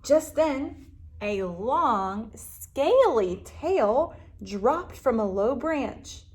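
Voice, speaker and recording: A librarian reading a picture book aloud to children, animated, gasping and asking them questions. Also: female voice, fairly high pitch, extremely slow.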